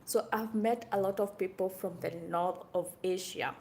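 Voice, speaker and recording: A young woman from Kenya chatting to camera in a casual vlog, animated and exclaiming often. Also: mid-range voice, moderate pace, a little hiss or hum. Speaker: vlogger.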